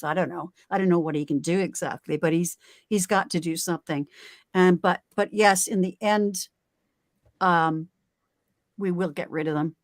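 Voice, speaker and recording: A woman's voice: fairly low pitch, fairly even intonation, moderate pace, no room sound, clean studio sound. A woman from Canada, chatting casually on a video call as a tarot reader, emphatic, with many fillers and restarts. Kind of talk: casual group chat, tarot reading.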